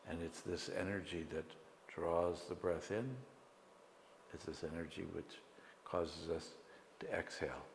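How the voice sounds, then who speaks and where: A very deep-voiced man leads a guided meditation lecture, slow and calm, pausing between phrases. His voice rings through an echoey hall with a long reverb tail. Faint room ambience sits underneath. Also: vocal fry, slight background noise. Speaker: meditation teacher.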